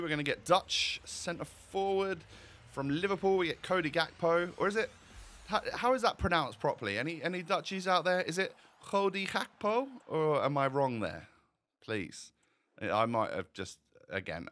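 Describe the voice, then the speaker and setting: Chatty gaming commentator, bright voice. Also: male voice, mid-range voice. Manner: chatty, rambling, addresses viewers directly. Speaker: gaming YouTuber. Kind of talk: casual gameplay commentary.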